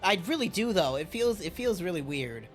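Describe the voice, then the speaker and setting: A man's voice: high voice, sing-song, normal speed. A male streamer casually joking and swearing over gameplay. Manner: profane, joking. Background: game music.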